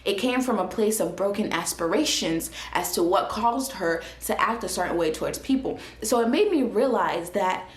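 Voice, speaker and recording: A young woman shares a personal faith testimony in a casual, animated way, often restarting her sentences. Her voice sits at a middle pitch. The room around her adds a noticeable echo. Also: moderate pace, few pauses. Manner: earnest and animated, with frequent fillers and restarts. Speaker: vlogger sharing a faith testimony. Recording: roomy echo.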